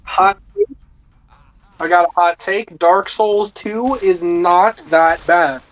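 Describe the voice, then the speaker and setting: Higher-voiced young man, laid back. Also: slow pace, poor audio. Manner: relaxed, keeping voice down. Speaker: podcast co-host. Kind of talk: casual chat.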